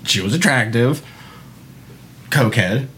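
A man's voice: medium pitch, a little slow. A man casually telling profane stories from his job on a podcast, acting out what people said. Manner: animated, swearing often, acting out quotes.

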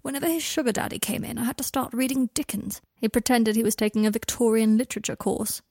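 A sharp-tongued young wizard confides in a low, half-whispered murmur, voiced by a woman reading a fan fiction audiobook. The tone is husky and slightly gravelly. It sounds dry and close, with no room around it. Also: steady tone, fast, no room sound. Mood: wry. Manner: soft, hushed, often half-whispered.

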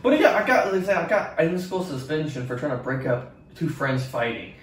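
Animated young man telling school stories. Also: on the high side, a little fast, far from the mic. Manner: rambling, profane, acts out quotes. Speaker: podcast co-host. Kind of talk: casual podcast storytelling. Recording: echoey room, off-mic with faint noise.

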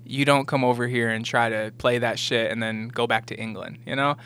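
Young man, podcast co-host, animated and profane, slips into silly voices for quotes. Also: mid-range voice, brisk, clean tone. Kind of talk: casual chat.

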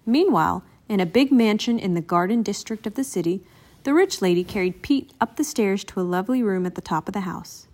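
A woman reading a children's picture book aloud in an expressive, animated way. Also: mid-range voice, fairly quick. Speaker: storybook reader.

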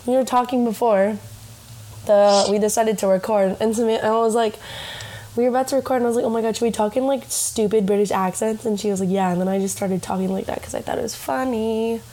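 A woman's voice: fairly high pitch, dark tone, poor audio. A young American woman hosting a casual podcast, giggly and swearing freely. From United States. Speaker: podcast host. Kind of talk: casual chat.

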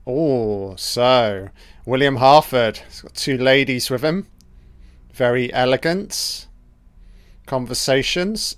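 A man's voice: medium pitch, fairly bright tone, clean tone, no echo. Cussing, joking man doing film commentary. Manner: profane, joking, talks back at the screen. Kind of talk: casual audio film commentary.

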